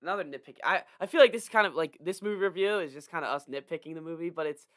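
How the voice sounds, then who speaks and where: A man co-hosting a podcast, chatting casually and nitpicking a movie with quick asides. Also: fairly high pitch, fairly bright tone. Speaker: podcast co-host. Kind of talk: casual movie review chat.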